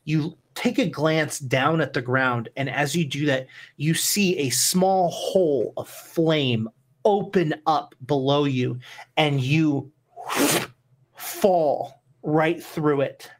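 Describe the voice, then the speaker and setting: A woman narrating a tabletop game as game master, unhurried and descriptive, with many fillers. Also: deep voice.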